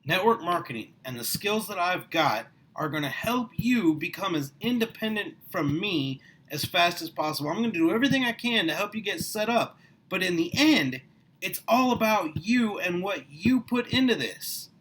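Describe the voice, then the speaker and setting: A middle-aged man giving a passionate motivational talk to the camera, his voice rising and getting louder as he gets worked up. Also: high voice, expressive, moderate pace, poor audio. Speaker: small business owner recruiting for network marketing. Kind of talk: motivational vlog monologue.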